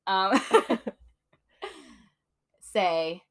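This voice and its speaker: A woman's voice: medium pitch, animated, drawn-out words. A woman co-hosting a podcast, candid and reflective in casual chat, swearing casually. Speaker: podcast co-host.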